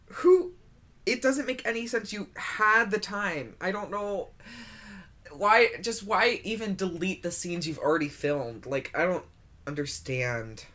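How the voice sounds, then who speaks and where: A woman's voice: fairly low pitch, unhurried, sharp tone. A woman co-hosting a book podcast, recapping the chapter in a dry, wry casual way. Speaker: podcast co-host.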